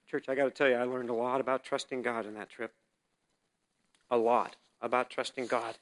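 A man giving a sermon testimony to a congregation, acting out the dialogue of his story and swinging between quiet reflection and loud, emphatic bursts. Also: medium pitch, steady tone, normal speed. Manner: storytelling that acts out quoted dialogue. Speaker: church speaker sharing a testimony. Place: church service.

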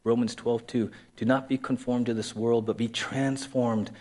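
A man's voice: medium pitch, level tone, normal speed, a little mellow. A man preaching a sermon as a pastor in a conversational way, repeating key phrases and acting out quoted voices.

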